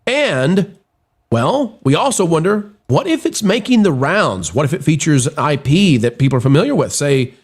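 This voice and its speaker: A man hosting a live stream, reading and commenting on news in an animated, theatrical way while getting over a cold. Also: fairly high pitch, normal speed, husky. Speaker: show host.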